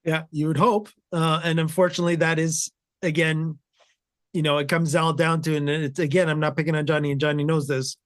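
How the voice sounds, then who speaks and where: A man's voice: on the high side, little pitch movement, a little fast. Rambling man hosting a tech show. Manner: rambling, many fillers and restarts. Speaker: host. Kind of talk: casual tech talk.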